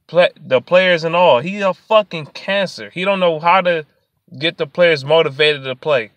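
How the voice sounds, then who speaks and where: A high, bright-voiced man rants angrily about sports, cursing freely and lurching from low mutters to loud outbursts. The sound is close and dry, with no room around it. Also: dry recording. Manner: angry, profane, swings from muttering to shouting. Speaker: sports vlogger. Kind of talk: profane sports rant.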